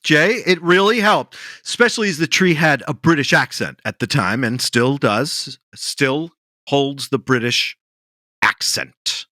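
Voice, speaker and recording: A middle-aged man, a comedian guest, giving a bossy, rambling, mock-serious improv lecture with deadpan self-importance. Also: fairly high pitch, measured pace, no room sound, clean studio sound.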